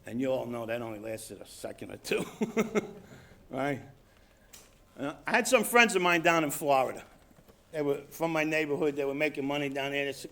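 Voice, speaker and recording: A middle-aged man from New York telling his own recovery story at a convention, acting out quotes and dropping quiet for emphasis. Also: medium pitch, lively intonation, moderate pace, gravelly, long pauses, a little hiss or hum. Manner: storytelling with acted quotes, drops to quiet emphasis, laughs at himself. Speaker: recovery speaker. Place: convention hall stage.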